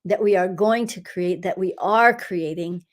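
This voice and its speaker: A woman hosting a live session as an energy healer, guiding a meditation in an unhurried way with frequent soft laughs and the odd whisper. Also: on the low side. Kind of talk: guided energy-clearing meditation.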